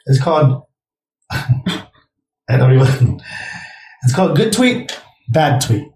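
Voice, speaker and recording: A man's voice: medium pitch, very animated, slow, a little mellow, distant mic. A young man co-hosting a podcast in casual chat, a rambling storyteller who swears freely. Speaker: podcast co-host. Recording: echoey room, off-mic.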